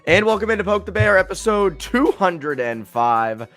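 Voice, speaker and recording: A man co-hosting a casual sports podcast, animated and ranting as he chats. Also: high-pitched, normal speed, soft background music. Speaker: podcast co-host.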